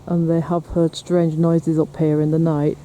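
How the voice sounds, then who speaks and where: A paranormal investigator with a high voice vlogs outdoors, moving across a windy hill and through the woods. His delivery is monotone and measured, with a dark tone, yet he's chatty and teasing as he talks to the camera. Faint wind and outdoor noise come through in the recording.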